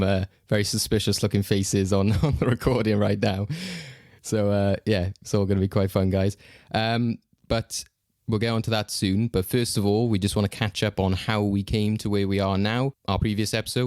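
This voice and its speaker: A low-voiced man hosting a casual film podcast, chatting freely and often stopping to restart his sentences with ums and uhs. His voice is recorded close and dry, with no room sound around it. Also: darkish tone, no echo. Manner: chatty, hesitant with fillers and restarts. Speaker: podcast host.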